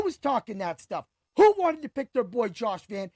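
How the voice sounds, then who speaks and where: A man in his forties with an unusually high, gravelly voice, talking through fight results in a hyped, boastful manner. His speech comes in quick, emphatic bursts, recorded dry and close with no room sound. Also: big pitch swings, a little mellow, no echo. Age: 40s. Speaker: podcast host and fight picks analyst. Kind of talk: casual sports commentary.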